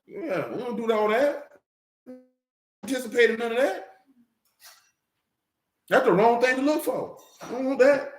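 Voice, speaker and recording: A man's voice: extremely high pitch, lively intonation, a little slow, long pauses. A man preaching in a casual, blunt way, with profanity and jokes mixed into his teaching. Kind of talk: casual sermon-style teaching. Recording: roomy echo.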